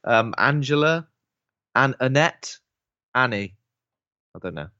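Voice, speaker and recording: A man's voice: medium pitch, animated, slow, sharp tone, no room sound, muffled recording. A man co-hosting a casual film podcast, musing about the plot and answering trivia with jokey asides. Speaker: podcast co-host.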